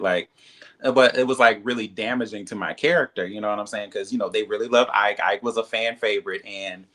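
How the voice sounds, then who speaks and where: A man with a bright, forceful voice tells his side of a reality-show falling-out in an interview. He talks in a loose, candid way, full of "like" and "you know," and acts out other people's lines. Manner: animated, acts out quoted dialogue in a higher voice; frequent "like" and "you know" fillers. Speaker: reality TV cast member, guest.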